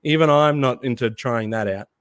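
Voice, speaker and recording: Casting: Australian man, mid-pitched voice, dry close sound, chatty and laughing. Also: moderate pace, dry recording. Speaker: podcast co-host. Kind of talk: casual chat.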